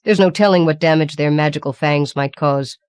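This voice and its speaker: A woman reads as a solemn old man in a storybook fantasy, his voice dropped low and quiet. He sounds steady and grave, a careful elder speaking softly in a dry, close recording. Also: a little fast, clean tone, dry recording, natural voice.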